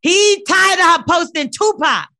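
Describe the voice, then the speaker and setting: A woman co-hosting a podcast, talking in loud, animated casual banter. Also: extremely high pitch, normal speed. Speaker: podcast co-host.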